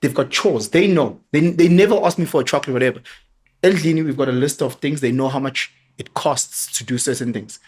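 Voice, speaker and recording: A middle-aged man with a South African accent, telling animated parenting stories in a casual podcast chat. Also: mid-range voice, fairly quick, husky. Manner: animated storyteller, mixes local words into his talk. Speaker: father sharing parenting stories.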